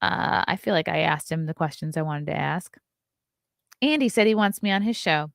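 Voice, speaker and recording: A woman in her thirties hosts a casual morning stream, reading news items and reacting to viewer comments. She talks in a fairly low voice and sounds chatty and opinionated. The sound is dry and close, with no room echo. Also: normal speed, creaky. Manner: chatty and opinionated, reacts to chat, yawns often. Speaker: host of a morning talk stream.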